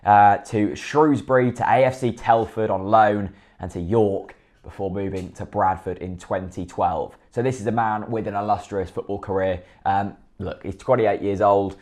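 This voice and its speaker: A man's voice: lowish voice, steady tone, moderate pace, hardly any pauses, darkish tone. A man giving blunt, opinionated football commentary to camera, often asking and then answering his own questions. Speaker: football fan vlogger.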